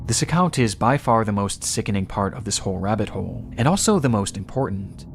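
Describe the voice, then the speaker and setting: A man with a lowish voice narrates a documentary in a measured, grave tone. His scripted delivery is steady and serious, with a faint hiss under it. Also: vocal fry. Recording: played back from a video.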